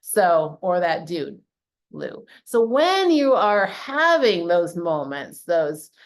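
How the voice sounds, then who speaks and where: Southern lady fitness coach, kinda low voice, rambly chatty storytelling w lots of likes and kindas. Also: sing-song, slow pace. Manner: chatty storyteller with many fillers. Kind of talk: casual group call talk.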